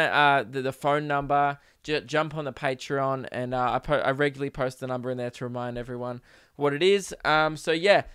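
A man's voice: a little high, smooth, dry recording, clean studio sound. A young man hosting a podcast, rambling through crude comedic stories with lots of ums and uhs. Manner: rambling, crude and deadpan with many fillers. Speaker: podcast host. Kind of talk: casual comedic monologue.

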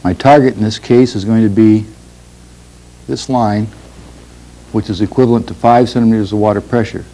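A man teaching a class, explaining a lab demonstration in a measured way, pausing and clearing his throat now and then. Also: on the low side, steady tone, mellow, poor audio. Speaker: instructor.

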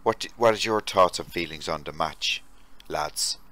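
A man's voice: deep voice, moderate pace, pushed and bright, dry recording. An Irish man co-hosting a podcast in casual chat, stumbling and apologetic, laughing often. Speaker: podcast co-host.

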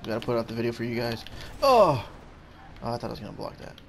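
Excitable man with a gravelly voice. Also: medium pitch, very fast, slight background noise. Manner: excitable, blurts out reactions and short shouts; talks to his opponent and himself. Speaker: gaming channel host. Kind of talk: casual gameplay commentary.

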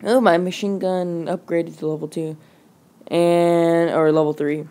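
A woman giving casual, rambling commentary over mobile game footage. She talks quickly and fills her speech with "like" and "um". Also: lowish voice, fairly even intonation, dark tone. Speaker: gaming channel host. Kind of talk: gameplay commentary.

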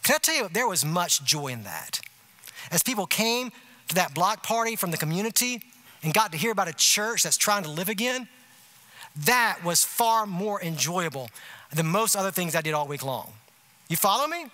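A man's voice: sits high, moderate pace. A male pastor, preaching a conversational sermon full of rhetorical asides like "you see what I'm saying?". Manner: animated, emphatic delivery. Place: church sanctuary.

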